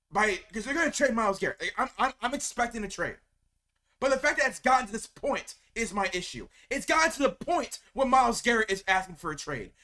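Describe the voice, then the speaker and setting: A man vents to camera about his team in a heated fan rant, often stumbling over and repeating his words. His voice sits high and swings widely in pitch. The tone is bright and sharp. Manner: heated, venting, repeats words when upset. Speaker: sports video creator.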